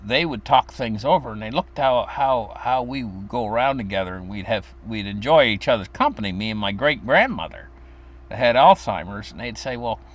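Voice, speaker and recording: Older man, storytelling, rambling, very animated pitch. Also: normal speed. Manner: rambling, with fillers and restarts; acts out quoted voices in a high pitch. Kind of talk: casual personal storytelling.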